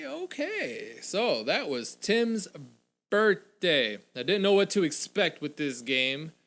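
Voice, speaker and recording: A man's voice: a little high, sharp tone. A man hosting a gaming channel, giving loose, casual let's-play commentary and saying "frickin'" a lot.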